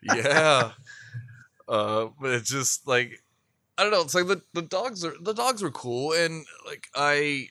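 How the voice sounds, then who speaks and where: A man's voice: fairly high pitch, lively intonation, slow pace, pushed and bright, no room sound. A man chatting casually, a laid-back storyteller who swears constantly and laughs often. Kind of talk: casual chat.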